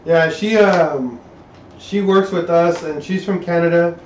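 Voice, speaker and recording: A man's voice: on the high side, unhurried, darkish tone, a little hiss or hum. Rambling man in an echoey garage. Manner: rambling, reads chat aloud, trails off and restarts. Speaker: livestream host working on an engine. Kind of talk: casual live-stream chat while working. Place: home garage workshop. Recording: echoey garage, far from a dull mic.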